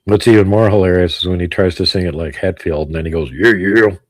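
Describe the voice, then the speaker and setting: Very deep-voiced man with dry humor. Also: fast talker, darkish tone, no room sound. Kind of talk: casual chat.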